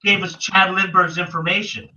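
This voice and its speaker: A man, co-hosting a casual online show, animated and swearing freely. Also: high-pitched, moderate pace, dull audio. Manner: animated, swears, calls people dude. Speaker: podcast co-host. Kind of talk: casual chat. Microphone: video call.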